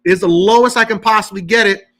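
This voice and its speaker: A man with a high, bright and forceful voice hosts a live-stream Q&A on money matters. He talks emphatically. He keeps checking in with his viewers by asking "okay?". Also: fast talker. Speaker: credit repair host.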